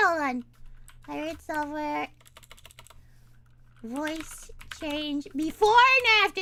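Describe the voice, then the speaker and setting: Very high-pitched giggly streamer woman. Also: slow pace, long pauses, noisy background. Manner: chatty, giggly, rambling with restarts. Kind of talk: casual live-stream chat.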